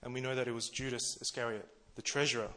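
A male preacher with a bright, forward voice gives a casual, chatty sermon. He talks the way friends talk, laughing at himself along the way. His pitch sits in the middle of the male range. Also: flat delivery, quick pace. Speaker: preacher, church treasurer.

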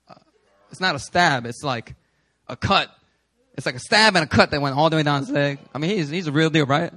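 A pastor in his thirties from New York, with a fairly high-pitched voice, preaches at a church service. He tells humorous stories and rises to loud, emphatic shouting.

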